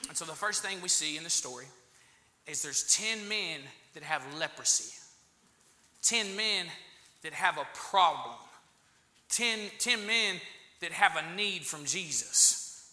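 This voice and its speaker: A male pastor with a very high, sharply bright voice, preaching with passion. He hammers phrases through repetition and builds to loud outbursts. The sound rings in an echoey church room. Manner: impassioned preaching, repeats key phrases and swells to loud exclamations. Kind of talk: sermon.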